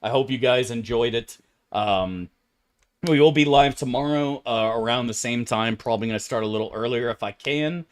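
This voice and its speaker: A man streaming a video game, talking in a casual, animated, profane way and laughing often. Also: mid-range voice, moderate pace.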